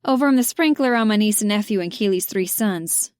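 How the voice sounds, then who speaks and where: A woman's voice: mid-range voice, animated, fairly quick, darkish tone, clear, resonant tone, no echo, studio quality, natural voice. A woman voicing a polite young Southern woman making careful introductions in an audiobook. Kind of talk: audiobook character voice.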